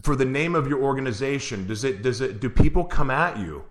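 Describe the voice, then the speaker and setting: A man's voice: mid-range voice, lively intonation, brisk. A man hosting an interview, asking earnest, searching questions with frequent restarts. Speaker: interview host. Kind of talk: conversational interview.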